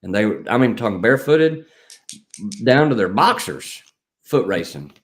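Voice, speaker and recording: Guy running a live stream, low voice, rambly and jokey, calls out viewers. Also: sing-song, normal speed. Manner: joking, rambling, reads viewer comments aloud. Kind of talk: casual live stream chat.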